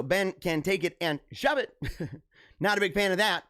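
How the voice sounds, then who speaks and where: A man's voice: sits high, moderate pace, pushed and bright. A young man hosting a casual commentary show. He reacts to news stories, laughs often and repeats himself.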